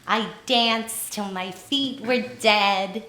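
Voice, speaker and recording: A woman voicing a little old woman who speaks slowly and insistently. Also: medium pitch, pushed and bright. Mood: earnest. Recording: roomy echo.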